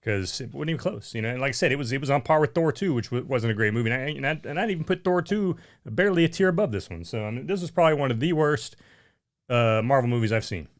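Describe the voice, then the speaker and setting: A man's voice: medium pitch, animated, fast. A man co-hosting a casual chat, blunt and exasperated, often repeating himself and saying "man". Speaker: podcast co-host.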